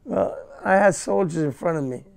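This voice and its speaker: An older man, a war veteran being interviewed, recalling his experiences in a halting, emotional way and repeating words. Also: on the high side, animated, creaky, smooth. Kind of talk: first-person war recollection.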